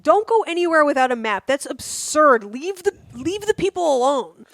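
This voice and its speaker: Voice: sits high, very animated, normal speed, a bit bright, no echo, clean studio sound. A podcast co-host in casual comedic chat, ranting bluntly and sarcastically with lots of swearing.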